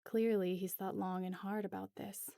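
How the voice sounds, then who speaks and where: Woman narrator reading fan fiction, measured, dark mellow tone, dry close sound. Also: medium pitch, little pitch movement, vocal fry, no room sound.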